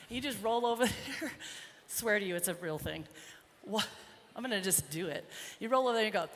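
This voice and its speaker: A woman's voice: mid-range voice, animated, brisk, few pauses, fairly bright tone. A woman horse trainer giving a live arena demonstration, chatting encouragingly to her colt and the crowd. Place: large indoor horse arena. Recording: reverberant arena with faint noise.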